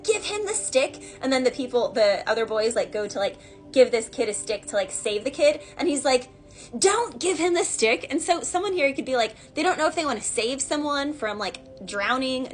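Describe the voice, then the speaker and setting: A woman with a fairly high voice talks her way through a tarot reading. She wanders off into asides and fills the gaps with fillers. Soft music plays faintly underneath. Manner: rambling, chatty, full of fillers and asides. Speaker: tarot reader. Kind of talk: casual channeled tarot reading.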